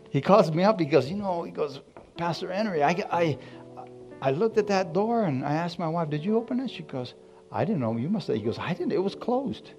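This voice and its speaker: Storytelling pastor preaching over soft music. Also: male voice, fairly high pitch. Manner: storytelling, acts out quotes, rises to loud exclamations. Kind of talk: sermon.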